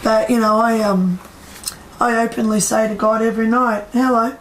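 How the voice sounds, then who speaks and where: A woman's voice: on the high side, little pitch movement, moderate pace. Chatty woman telling a story. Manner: chatty, quotes people in acted voices, asks the audience questions. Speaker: psychic medium speaker. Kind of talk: storytelling talk to a live audience. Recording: echoey room with faint ambience.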